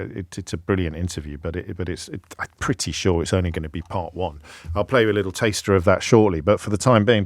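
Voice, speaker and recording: A man hosting a live radio phone-in, animated and wry, often restarting his sentences. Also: low voice, no room sound, clean studio sound. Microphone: studio microphone.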